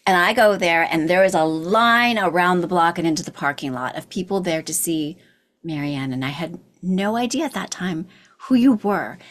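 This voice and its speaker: Woman interviewer, low-pitched, effusive, halting restarts. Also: a bit bright. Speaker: co-host. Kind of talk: casual interview chat.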